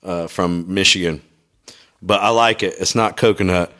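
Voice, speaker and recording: A man's voice: low-pitched, steady tone, moderate pace, pushed and bright. A middle-aged man co-hosting a podcast, swearing freely and telling funny stories while laughing a lot. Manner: profane, storytelling, laughs often. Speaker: podcast co-host. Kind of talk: casual comedic chat over beer tasting.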